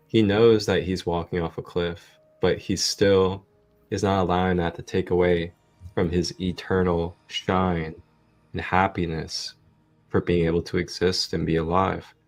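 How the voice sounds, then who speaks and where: A man with a very low voice speaks at an unhurried pace. He co-hosts a casual spiritual discussion livestream in a relaxed way, laughing easily. Soft music plays faintly underneath. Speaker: co-host.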